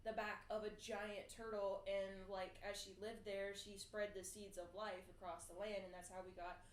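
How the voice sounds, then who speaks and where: A woman's voice: medium pitch, flat delivery, normal speed. A woman co-hosting a casual podcast, reading out fun facts with lots of fillers and laughter. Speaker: podcast co-host. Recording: echoey room with faint noise.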